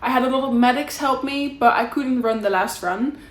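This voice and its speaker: A woman's voice: high voice, normal speed, echoey room. A young woman with a Dutch accent, casually catching up with her viewers in a chatty, candid, rambling way. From Netherlands. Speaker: vlogger. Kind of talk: casual catch-up chat to camera.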